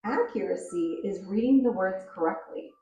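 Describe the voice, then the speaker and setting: A woman teacher explaining reading fluency in a clear, measured way and reading a story aloud to show it. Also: mid-range voice, lively intonation, mellow, highs cut off, soft background music. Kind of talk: reading instruction with read-aloud demos. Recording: roomy, distant recording.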